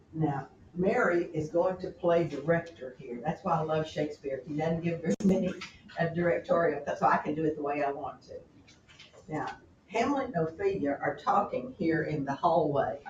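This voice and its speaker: A woman teaching a class, talking in an animated, chatty way and often correcting herself, recorded from a distance in a classroom. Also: deep voice, reverberant, muffled recording, a little hiss or hum. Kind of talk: classroom lecture on a play.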